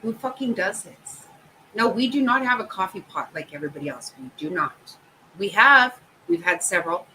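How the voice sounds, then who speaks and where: Brief: middle-aged woman host, bright voice, swearing, exasperated casual chat. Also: mid-range voice, animated, normal speed, a little hiss or hum, low-quality recording. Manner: profane, exasperated, laughing often.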